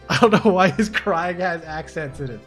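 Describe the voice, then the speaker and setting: A woman's voice: fairly low pitch, expressive, normal speed. A woman streaming a game, joking, swearing and laughing at the dialogue, with game music behind. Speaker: gaming streamer. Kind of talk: casual let's-play commentary.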